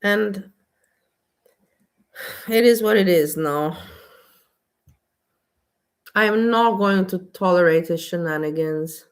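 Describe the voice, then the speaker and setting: A woman's voice: on the low side, slow, long pauses. Blunt ranting woman vlogger. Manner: blunt, exasperated, repetitive. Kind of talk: casual ranting monologue.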